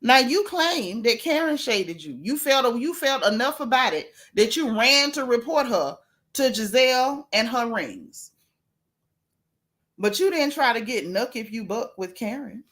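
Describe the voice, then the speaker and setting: A woman delivers casual gossip commentary straight to her viewers. She is sassy and animated, and she often talks right at the people she is mocking. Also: on the high side, measured pace. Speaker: gossip vlogger.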